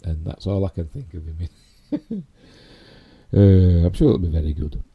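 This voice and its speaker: A man's voice: low-pitched, lively intonation, moderate pace, husky, narrow, tinny audio. A man with a Yorkshire accent hosting a casual live stream, rambling through geek news with lots of "you know" and tag questions. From Yorkshire, England.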